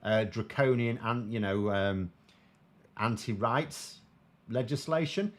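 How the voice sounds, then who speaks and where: A man's voice: on the low side, slow pace. Wry British man talking politics. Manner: wry, sardonic, conversational, with frequent ums. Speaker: political commentator, show host. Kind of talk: casual political commentary answering viewer comments.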